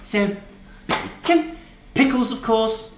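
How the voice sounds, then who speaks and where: A man's voice: very high-pitched, takes it slowly. A man playing a posh, bossy middle-aged lady cook in a comic cooking show, prim and tart, ending lines with "dear". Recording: roomy distant kitchen recording, faint noise.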